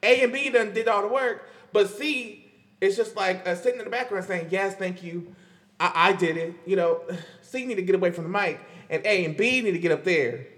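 A man hosting a podcast, chatting in a loose, animated way about pop music, with lots of fillers and frequent laughs. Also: high voice, fairly quick, in a large hall. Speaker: podcast host. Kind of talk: casual pop-culture commentary.

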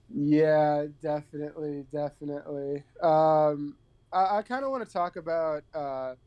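A man's voice: fairly high pitch, slow, smooth, dull audio. A man co-hosting a podcast, chatting casually about a film in a hesitant way, full of fillers and restarts. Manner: hesitant, fills with many "like"s and "um"s. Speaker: podcast co-host.

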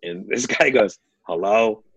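Husky man telling a story. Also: on the low side, lively intonation, unhurried, no room sound. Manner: rambling, laughs often, heavy fillers. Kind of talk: casual storytelling.

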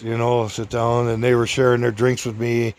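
An older man casually telling a rambling personal story, chuckling often and raising his voice high to act out other people's lines. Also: completely flat delivery, normal speed, darkish tone, a little hiss or hum.

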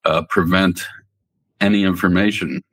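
A newspaper editor chatting on a podcast, rambling and laughing often. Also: male voice, sits low, fairly even intonation, normal speed, no echo. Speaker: newspaper editor, regular guest. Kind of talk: casual podcast chat.

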